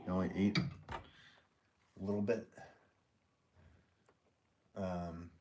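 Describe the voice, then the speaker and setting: A man's voice: low voice, flat delivery, extremely slow, dark tone, highs cut off. A middle-aged man, a potter, chatting casually and rambling on a live stream as he reads viewers' comments aloud. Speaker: potter hosting a livestream. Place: pottery studio. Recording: noisy background.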